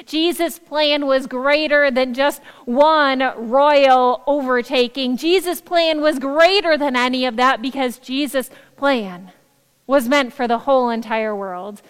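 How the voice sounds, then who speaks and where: A woman pastor delivers a sermon with a high, light voice, pressing her points through earnest repetition. Her words ring out with a long echo, as if in a church sanctuary. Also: measured pace, smooth. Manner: earnest, repetitive, emphatic preaching.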